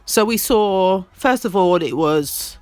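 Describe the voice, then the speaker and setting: Lively man recapping a reality show. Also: sits high, slow pace, clean tone, no echo, soft background music. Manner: opinionated, repeats lines for emphasis. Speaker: reality TV commentator. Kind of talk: casual recap commentary.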